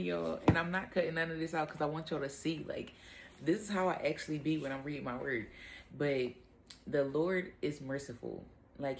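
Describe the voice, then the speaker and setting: A woman's voice: deep voice, gravelly, a little hiss or hum. A young adult woman hosts a casual devotional talk, conversational with fillers and self-corrections. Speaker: host of a Bible talk.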